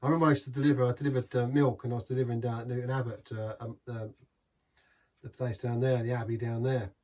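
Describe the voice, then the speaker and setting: A man's voice: mid-range voice, little pitch movement, fast, darkish tone, far from the mic. An English man hosting a casual beer review, rambling and waffling with chuckling asides. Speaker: beer reviewer, channel host.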